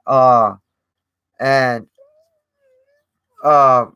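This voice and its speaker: A man's voice: mid-range voice, steady tone, very slow, sharp tone, clear, resonant tone. A man hosting his own channel, talking casually to viewers in a rambling way, with many fillers and repeated words. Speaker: channel host. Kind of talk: casual live-stream talk.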